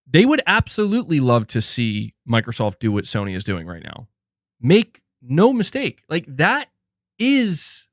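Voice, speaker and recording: A man hosting casual gaming commentary, animated and profane, restarting sentences and slipping into mocking impressions. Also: fairly high pitch, no room sound, clean studio sound.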